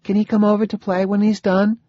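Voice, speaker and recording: A man's voice: high voice, level tone, brisk, dry recording, highs cut off, pitched above the performer's own voice, natural voice. Casting: shy little girl, small uncertain voice, read by a male narrator, audiobook. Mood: shy, curious. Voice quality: small timid voice.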